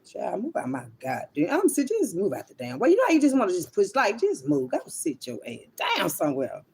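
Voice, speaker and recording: A woman's voice: mid-range voice, huge pitch swings, brisk, vocal fry, a little mellow, a little hiss or hum. Woman w/ a aave rambling to her viewers, blunt, cusses a lot, calls everybody child and honey. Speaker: online spiritual reader. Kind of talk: casual livestream monologue.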